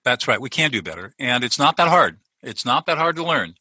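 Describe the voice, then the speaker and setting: A man's voice: medium pitch, very animated, brisk, pushed and bright, husky, no echo, rough recording. A middle-aged man, a lawyer turned peacemaker, explaining his ideas earnestly as a guest in a conversational interview, often restarting his sentences.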